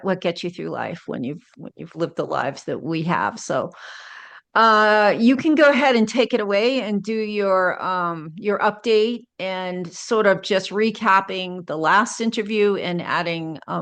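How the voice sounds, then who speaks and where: A woman's voice: mid-range voice, creaky, fairly bright tone. Chatty woman hosting an interview. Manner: chatty, friendly, laughs easily. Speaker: host. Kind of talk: interview, casual chat.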